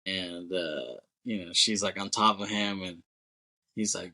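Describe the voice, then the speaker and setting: A man's voice: low-pitched, measured pace, sharp tone, low-quality recording. A male podcast co-host recapping a movie in loose, casual chat, full of fillers, swearing and chuckles.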